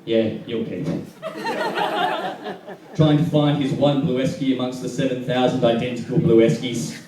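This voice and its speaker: A young Australian man doing a self-deprecating stand-up comedy set with deadpan jokes. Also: mid-range voice, a little fast, noisy background. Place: comedy venue with live audience. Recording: echoey room mic'd from a distance, crowd laughter.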